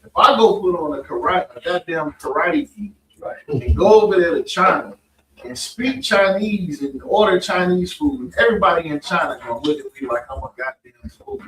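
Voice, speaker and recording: A man with a high voice tells stories at a religious meeting in a blunt, profane, conversational way. He is recorded from across an echoey room. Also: expressive, normal speed, fairly bright tone. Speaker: speaker at a religious study meeting. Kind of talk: informal preaching and storytelling. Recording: echoey room, mic far off.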